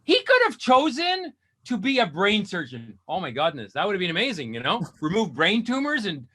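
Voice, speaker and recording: Male stand-up comic: high, bright voice that swings widely, exasperated rants that tip into shouting. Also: wildly swooping pitch, moderate pace, breathy edge. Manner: exasperated ranting, bursts into shouts. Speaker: stand-up comedian. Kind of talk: stand-up comedy set.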